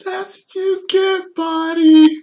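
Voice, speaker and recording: A man voicing a brash young female skater stoner with shrill whooping shouts. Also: flat delivery, slow pace. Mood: gloating shout.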